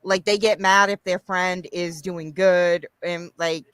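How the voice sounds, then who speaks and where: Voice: mid-range voice, steady tone, slow, fairly bright tone, smooth, no echo. A host in casual podcast chat, speaking bluntly and with dry jokes, loyal to the group.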